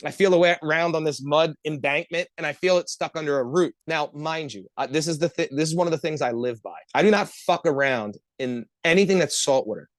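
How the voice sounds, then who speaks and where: Guy rattling off a story real fast, swearing every other word, kinda highish voice, dry close mic. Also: no room sound. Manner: profane, animated, rambling storyteller. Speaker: podcast co-host. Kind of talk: casual storytelling among friends.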